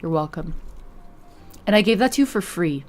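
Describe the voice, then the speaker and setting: Young woman, streamer, casual chat, giggly, lively swooping pitch. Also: normal speed, a little hiss or hum. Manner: giggly, chatty, reads chat aloud.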